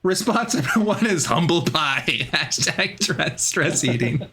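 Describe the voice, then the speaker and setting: A man's voice: a little high, expressive, measured pace, background noise. A man hosting a comedy game show, chatting playfully, stumbling over his words and laughing often. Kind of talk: casual comedic chat.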